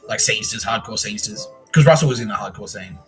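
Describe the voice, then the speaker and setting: An Australian man hosting a podcast, telling a long rambling story with heavy swearing and quick impressions of the people in it. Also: lowish voice, lively intonation, faint music behind, rough recording. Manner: rambling, profane, mimics people he quotes. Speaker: podcast host. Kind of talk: casual storytelling monologue.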